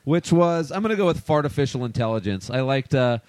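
A man's voice: mid-range voice, animated, brisk, a little mellow, no echo. A man hosting a comedy podcast, rambling with fillers in casual chat. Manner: rambling, hesitant, lots of fillers. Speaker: podcast host.

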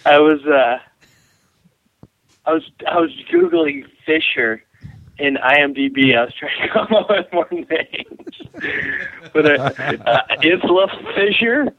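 A man tells long, rambling stories on a comedy podcast and acts out sounds with high squeals. His voice is a bit high for a man. It comes through a dull, lo-fi remote line. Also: big pitch swings, a little slow, vocal fry, long pauses, no room sound. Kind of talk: casual comedy podcast banter.

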